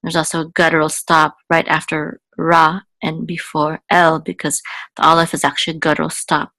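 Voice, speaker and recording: A woman's voice: sits low, monotone, normal speed, sharp tone, no echo. A woman teaching Biblical Hebrew, explaining patiently with many fillers and then singing the chant marks. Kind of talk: explaining and chanting Torah cantillation.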